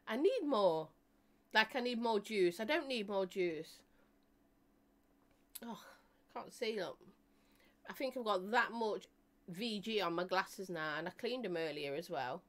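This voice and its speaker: A woman's voice: medium pitch, animated, slow, pauses often. A woman hosting a live stream, chatting casually with her viewers, laughing often and joking as she reads out their comments.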